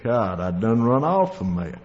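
A man's voice: on the low side, very animated, measured pace, a little mellow, slight background noise. A man with a Tennessee Southern accent telling his recovery story in a plainspoken, folksy way. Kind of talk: storytelling testimony. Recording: dull lo-fi recording in a reverberant hall.

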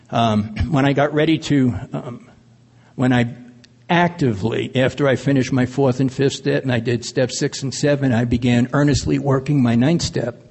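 This AA speaker's medium-pitched voice is a little mellow, with vocal fry and a breathy edge. He recounts his recovery in earnest, plain terms, sometimes laughing, and the hall gives the recording a long reverb.

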